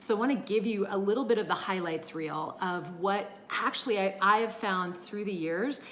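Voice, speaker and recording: A middle-aged woman teaching a live-streamed energy healing class, chatting warmly and greeting viewers by name, with many fillers. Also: mid-range voice, moderate pace, slight background noise.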